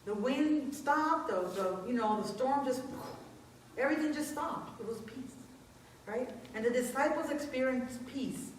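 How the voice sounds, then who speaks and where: A woman's voice: high voice, a little slow, a little hiss or hum. Woman preaching in an echoey sanctuary. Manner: conversational, personal storytelling. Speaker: pastor. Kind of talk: informal sermon. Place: church sanctuary. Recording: echoey room, distant mic.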